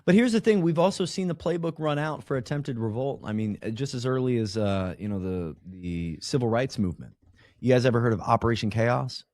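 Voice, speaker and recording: A man talking as a guest on a podcast interview in a casual, animated way, with frequent restarts and slang. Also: medium pitch, brisk, no room sound.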